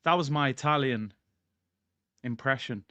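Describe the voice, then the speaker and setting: A man's voice: medium pitch, measured pace, fairly bright tone, no echo. A man hosting a casual football livestream, hyped, slangy and jokey. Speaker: football channel host. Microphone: streaming mic.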